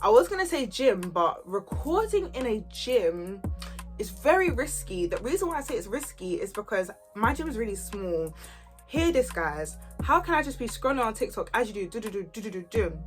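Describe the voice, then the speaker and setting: A woman, telling a story in an animated, chatty, slangy way. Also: medium pitch, moderate pace, faint music behind. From Kent, England. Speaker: YouTuber. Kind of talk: storytime vlog chat.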